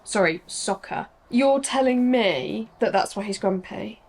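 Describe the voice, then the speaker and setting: A young woman talks her way through a reading vlog. She is chatty and quick to rant in exasperation, with lots of rhetorical questions. Her voice sits at an ordinary middle pitch. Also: expressive, a little mellow. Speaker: book vlogger.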